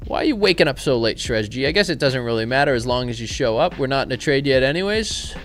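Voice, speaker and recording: Animated man joking on a live stream. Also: medium pitch, quick pace, faint music behind. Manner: joking, irreverent banter mixed with trade commentary. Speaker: live-stream trading host. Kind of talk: casual live-stream chat with chat replies.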